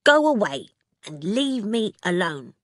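A woman voicing a grumpy male sand-fairy creature in a storybook reading, gruff and irritable. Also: medium pitch, sing-song, slow pace, no room sound, studio quality.

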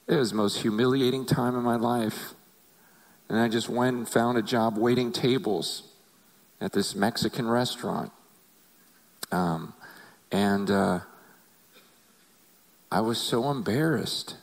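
Middle-aged male pastor, earnest confessional testimony, voice mid-range, swings between quiet and impassioned. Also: mid-range voice, a little slow, creaky, pauses often, poor audio. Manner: earnest, confessional, rising to emotional intensity. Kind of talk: personal testimony sermon.

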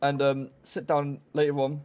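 Calm, placating man, slightly high. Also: moderate pace, clear, resonant tone. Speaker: role-play police commander. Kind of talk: role-play banter.

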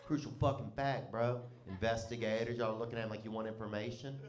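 A man's voice: on the low side, fairly even intonation, a little fast. Rambling, laughing comedian man, roomy sound. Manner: loose, profane, breaks into laughter. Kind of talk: rambling comic storytelling.

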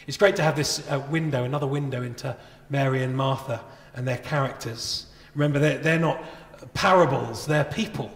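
A man's voice: mid-range voice, normal speed. Earnest male pastor in an echoey church. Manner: earnest and conversational, with many rhetorical questions. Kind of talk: sermon. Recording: echoey church with long reverb.

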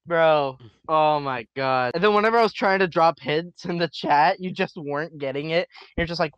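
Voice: mid-range voice, normal speed, few pauses, smooth, dry recording, highs cut off. A fellow player in casual gaming chat, teasing and laughing, and apologizing between jokes.

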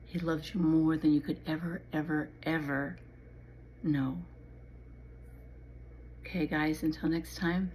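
A middle-aged woman with a low voice gives a devotional talk. She speaks earnestly and pleads with her listeners, at times sinking into a soft whisper. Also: level tone, slow pace, pauses often, slight background noise, rough recording. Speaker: Christian channel host and author. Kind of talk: devotional talk and poem reading.

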